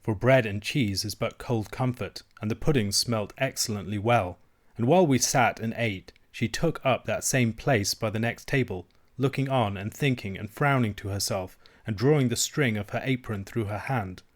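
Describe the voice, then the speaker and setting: An audiobook reader, a man with a lowish voice, narrates a classic novel aloud from a script in a measured, even storytelling style.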